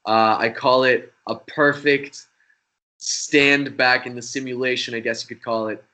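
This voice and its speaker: With a mid-range, unhurried voice, a young magician guest rambles through an animated story, cursing freely in a casual, profane manner.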